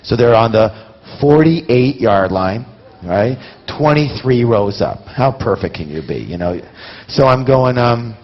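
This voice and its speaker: A man telling stories to a live seminar audience in an animated way, talking straight to the listeners. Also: mid-range voice, unhurried. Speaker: seminar speaker. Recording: dull lo-fi recording.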